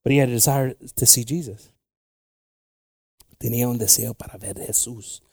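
A man's voice: medium pitch, normal speed, a little mellow, slightly rough, dry recording. A man preaching a bilingual sermon, switching between Spanish and English with joking asides.

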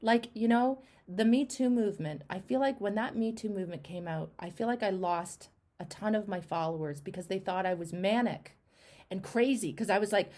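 A woman hosting an interview, speaking with impassioned, repetitive emphasis that swings between loud outbursts and hushed words. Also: mid-range voice, fairly quick. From Canada. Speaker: host. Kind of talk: emotional interview conversation.

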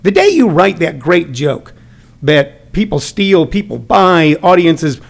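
High gravelly comedian telling stories. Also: male voice, slow pace. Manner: animated storyteller, acts out quotes. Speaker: comedian and comedy workshop teacher. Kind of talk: casual chat.

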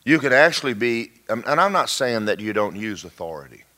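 A man preaching a storytelling sermon, folksy and animated, with joking asides and sudden shouts. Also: medium pitch, brisk.

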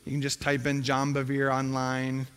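A man's voice: medium pitch, monotone, moderate pace, fairly bright tone, clean tone. A middle-aged male pastor preaching a sermon in a conversational tone that rises to emphatic pleading. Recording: hall reverb.

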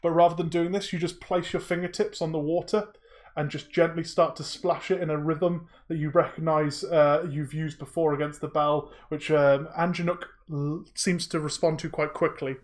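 A man with a fairly high voice narrates a tabletop game as its game master. He paints scenes in a loose, descriptive way, with plenty of ums and casual swearing. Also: fairly even intonation, moderate pace.

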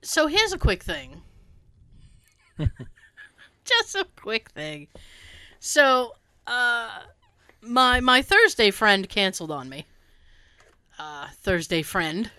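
Animated, bright-voiced woman chatting. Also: fairly high pitch, slow pace, pauses often, clean tone, dry recording. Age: middle-aged. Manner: animated storyteller who laughs often and swears. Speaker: podcast co-host. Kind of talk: casual chat.

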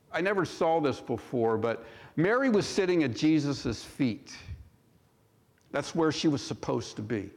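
A male pastor preaching a sermon in a church, measured and full of rhetorical questions. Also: a little high. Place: church sanctuary. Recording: long hall reverb.

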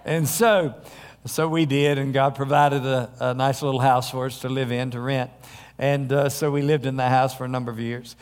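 A male pastor preaching a sermon in a church, telling stories in a conversational way with frequent pauses. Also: medium pitch, level tone, smooth. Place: church sanctuary. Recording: long hall reverb.

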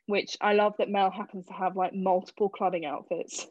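A woman's voice: mid-range voice, normal speed, no echo. Chatty young woman, dry lo-fi sound. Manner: chatty, giggly, acts out quotes in lively voices. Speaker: podcast host. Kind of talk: casual film discussion podcast. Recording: dull, slightly lo-fi dry sound.

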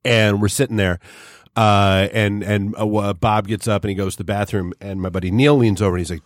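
A man's voice: fairly low pitch, brisk, no room sound. Podcast cohost guy from new hampshire, storytelling, voices his buddies, dry sound. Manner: animated storyteller, acts out quoted friends. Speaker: podcast co-host. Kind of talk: casual chat.

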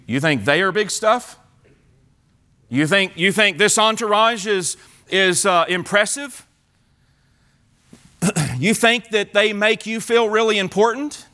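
A male pastor preaching a sermon, retelling the story in an animated way with many repeats and restarts. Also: high-pitched, slow, long pauses.

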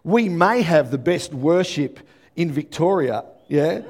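An Australian man preaching a sermon as pastor, telling stories with lively energy and often checking in with the congregation. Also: fairly high pitch, slow pace. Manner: animated storytelling with frequent "yeah?" check-ins to the congregation.

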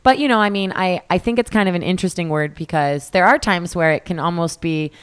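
A woman who presents on camera for a living, co-hosting a podcast in a relaxed, conversational way. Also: fairly low pitch, fast, clear, resonant tone. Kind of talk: casual chat.

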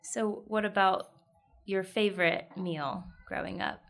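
A woman at a middle pitch asks questions as the interviewer. Her replies are short and encouraging. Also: a little slow, gravelly, a bit bright.

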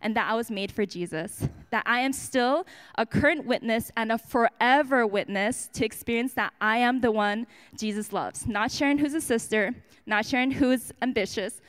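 A woman's voice: a little high, moderate pace, fairly bright tone. A woman giving a personal testimony at a church service, chatty and self-mocking, with lots of fillers and restarts.

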